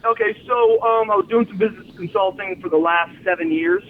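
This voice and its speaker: A man's voice: high voice, a little fast. A man, a former wrestler, telling long stories in a casual interview, acting out quotes and laughing often. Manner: animated storyteller, acts out quotes, laughs often. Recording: phone-line audio with faint noise.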